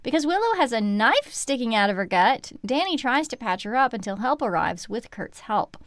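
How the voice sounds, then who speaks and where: A woman's voice: a little high, sing-song, normal speed, no room sound. A woman co-hosting a book podcast, summarizing a horror novel with wry asides. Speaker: podcast co-host. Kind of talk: casual book recap chat.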